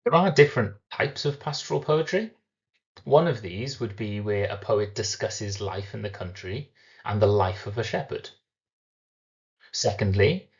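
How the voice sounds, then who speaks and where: Low-voiced male English teacher. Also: muffled recording. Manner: explains step by step, slows down to sound out syllables. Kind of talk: recorded lesson.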